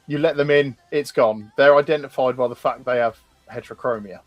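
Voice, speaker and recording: A man co-hosting a livestream presents concept art, casually explaining characters with frequent ums and restarts. His medium-pitched voice is fairly quick, with no echo and faint music in the background.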